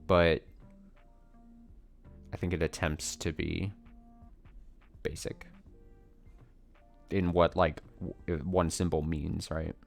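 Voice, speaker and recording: A deep-voiced man talks loosely while streaming a game, drifting between topics and making fun of himself. Faint game music plays under his voice. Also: flat delivery, slow pace, vocal fry, pauses often. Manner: rambling, self-deprecating, chuckling, answers chat questions. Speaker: let's play streamer. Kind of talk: casual chat while playing a game.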